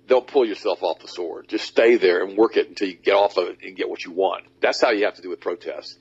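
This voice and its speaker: Low husky talk radio man. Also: brisk, few pauses. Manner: emphatic, mocks others in high put-on voices. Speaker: radio talk show host. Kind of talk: animated talk radio monologue. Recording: dull lo-fi audio.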